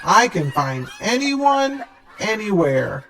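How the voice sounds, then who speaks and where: A woman voicing an eager, boastful male toy robot with a flat robotic delivery in a storybook read-aloud. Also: medium pitch, slow pace.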